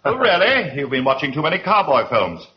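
A man's voice: fairly high pitch, very animated, a little fast. An actor playing a brusque, pompous middle-aged army major who barks drill commands and scolds his men. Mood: scolding. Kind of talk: sitcom acting. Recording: dull old TV audio with hiss.

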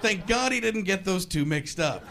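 A man doing a stand-up comedy set, animated and bouncing between asides and impressions. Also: high-pitched, moderate pace, gravelly. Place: comedy stage before a live audience. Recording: live club recording with crowd and hiss.

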